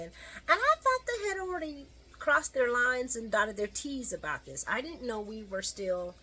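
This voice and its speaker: A woman's voice: medium pitch, pushed and bright, slight background noise. Chatty, opinionated woman recapping a soap. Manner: chatty and opinionated, with frequent fillers and asides to viewers. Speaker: soap opera recap host. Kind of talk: casual solo recap commentary.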